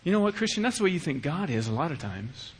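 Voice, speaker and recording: A middle-aged man preaching a sermon as pastor, acting out little dialogues in an animated way. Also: on the high side, fast, husky. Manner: animated, acts out dialogues with shifting voice.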